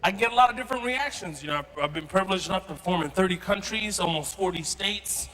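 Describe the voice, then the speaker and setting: A man from Kuwait performing a stand-up comedy set to a live audience, animated and quick to switch into character voices. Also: sits high, low-quality recording. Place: event hall with live audience.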